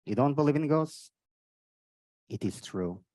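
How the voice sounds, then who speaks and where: A stand-up comic from Portugal speaks English with a Portuguese accent, bouncing between high excited exclamations and low deadpan asides. His pitch moves all over the place. The sound is dry and close, with little room tone. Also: measured pace, dry recording. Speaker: stand-up comedian. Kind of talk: stand-up comedy set with crowd work. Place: live comedy venue.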